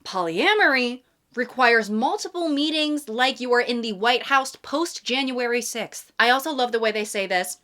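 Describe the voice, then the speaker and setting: A woman's voice: a little high, expressive, normal speed, pushed and bright. A young adult woman hosting a comedic commentary vlog, reading dating messages with sarcastic, exasperated asides. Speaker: YouTube host.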